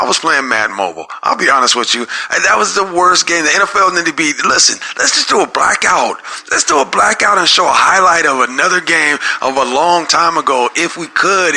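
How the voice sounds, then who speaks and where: A man's voice: on the high side, gravelly, sharp tone. A man hosting a solo sports podcast, rambling and getting worked up, repeating himself as he rants.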